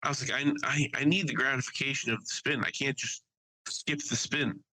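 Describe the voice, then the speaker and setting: Podcast co-host, man, bright forceful voice, dry close sound, swearing storyteller. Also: medium pitch, brisk, no room sound, low-quality recording. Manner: animated anecdote-telling, swears freely, quotes others. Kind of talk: casual storytelling chat.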